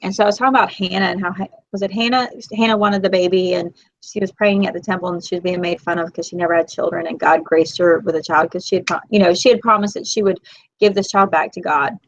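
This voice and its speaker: A woman in her forties hosting a casual live chat, talkative and emotional, quick to tear up. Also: fairly low pitch, fairly even intonation, dry recording. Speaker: host. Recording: dull, lo-fi, dry.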